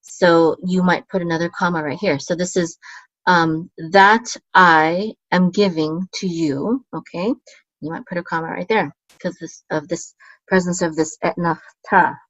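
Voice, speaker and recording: Woman teacher, mid pitch, slow and dry, dull home-recorded sound, sings out the marks then murmurs explanations. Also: steady tone, fairly bright tone, no echo. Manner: chants the marks and words higher and slower, explains at a quick low murmur, many ums. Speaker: Hebrew teacher. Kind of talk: casual teaching, chanting trope words.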